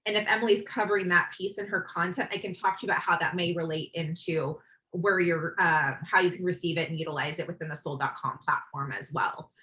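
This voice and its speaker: A woman's voice: fairly low pitch, brisk, sharp tone, a little hiss or hum, poor audio. A woman hosting a webinar, introducing the guest and explaining the chat and Q and A in a friendly, organized way. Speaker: webinar host.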